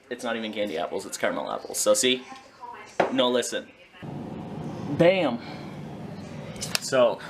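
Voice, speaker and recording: A man's voice: medium pitch, background noise. A man talking casually in a home vlog, chatty and self-mocking, with a kitchen around him. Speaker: vlogger.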